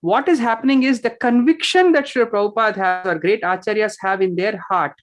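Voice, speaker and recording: A woman's voice: medium pitch, brisk. A woman teaching scripture and yoga, patiently explaining with simple examples and checking in with "right?".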